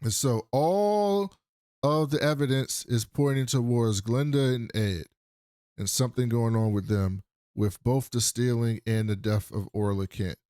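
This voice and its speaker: A man's voice: medium pitch, measured pace, smooth, dry recording, studio quality. Man animatedly recapping a show. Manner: animated retelling, acting out characters' lines with swearing. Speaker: podcast co-host. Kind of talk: casual TV recap chat.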